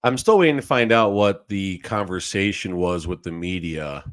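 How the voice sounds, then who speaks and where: Low-voiced man teasing his co-host. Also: moderate pace. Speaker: podcast co-host. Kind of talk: casual sports podcast chat.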